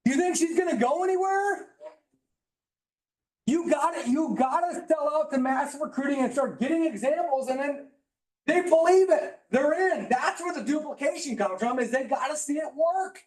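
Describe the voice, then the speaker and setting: Very high-voiced fired-up male speaker. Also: expressive, moderate pace. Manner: emphatic, preachy, sometimes yelling. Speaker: motivational speaker at a business training. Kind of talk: high-energy motivational seminar talk. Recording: roomy echo in a hall.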